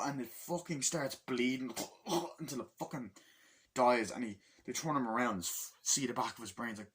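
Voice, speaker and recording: Excitable, foul-mouthed man reviewing a film. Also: mid-range voice, moderate pace, breathy edge. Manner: profane and excitable, acts out scenes in bursts. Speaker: movie reviewer. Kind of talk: casual spoken film review.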